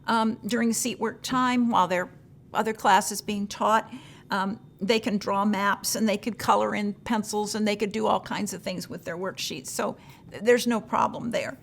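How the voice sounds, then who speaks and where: A woman's voice: mid-range voice, fairly even intonation, moderate pace, gravelly. Woman coaching teachers, chatty and folksy. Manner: conversational, acts out teachers' questions in a raised voice; frequent fillers, gentle advice. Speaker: teacher trainer. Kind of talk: recorded teacher-training session.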